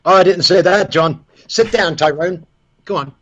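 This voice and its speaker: A man's voice: sits high, moderate pace, dull audio, a crowd in the background. A man with an English accent co-hosting a comedic webcam stream, bantering in a dry, mock-formal way. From England. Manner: mock-formal, dry banter, keeps addressing his co-host by name. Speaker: co-host of a webcam stream show. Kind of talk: casual comedic stream chat. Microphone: webcam microphone.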